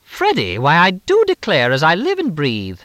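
A man's voice: mid-range voice, big pitch swings, normal speed, sharp tone, no room sound. Man doing a gushing older Southern belle actress.

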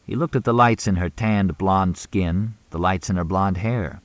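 Low-voiced man reading an audiobook. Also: moderate pace, few pauses, no room sound. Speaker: audiobook narrator. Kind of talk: scripted narration.

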